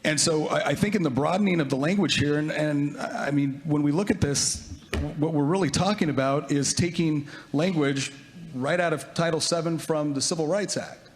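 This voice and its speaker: Male lawmaker, somewhat high pitch, measured floor speech with halting restarts. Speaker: state legislator. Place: large legislative chamber.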